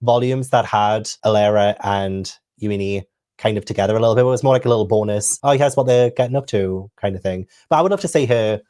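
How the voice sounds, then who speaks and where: A man's voice: lowish voice, fast, a little mellow. A man hosting a casual chat, talking thoughtfully and rambling with many fillers. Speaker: host.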